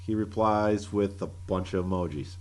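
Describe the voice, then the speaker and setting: A man's voice: fairly low pitch, normal speed. A man co-hosting a casual podcast, reading out tweets with laughter and crude jokes. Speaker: podcast co-host.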